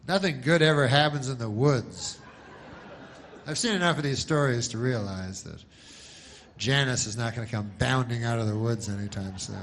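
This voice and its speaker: A man doing stand-up comedy, telling a long story in a deadpan, rambling way. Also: mid-range voice, measured pace, pauses often, slight background noise.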